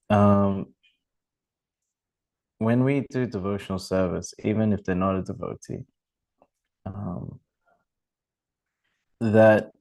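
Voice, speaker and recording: A man's voice: low voice, vocal fry, darkish tone, rough recording. A man giving an informal religious talk and telling a long anecdote, rambling with many fillers and restarts. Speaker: temple speaker.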